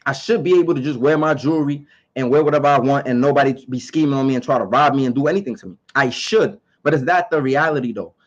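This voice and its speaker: A man's voice: medium pitch, fast, muffled recording. A man giving his opinions in a casual monologue to camera. He talks emphatically, repeats his points and asks rhetorical questions.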